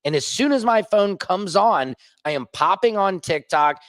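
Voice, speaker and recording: Male indie journalist vlogger, rambling rant, highish voice, dry close sound. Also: normal speed, dry recording. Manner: animated, joking, jumps between high bursts and low mutters. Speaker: independent online journalist. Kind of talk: casual vlog rant. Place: rooftop.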